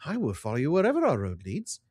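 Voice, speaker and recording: A man's voice: on the high side, wildly swooping pitch, fast, a little mellow, breathy edge, no room sound, clean studio sound, voice pushed up, exaggerated voice. A man reading a blunt, loyal warrior's quest lines in a formal, solemn way.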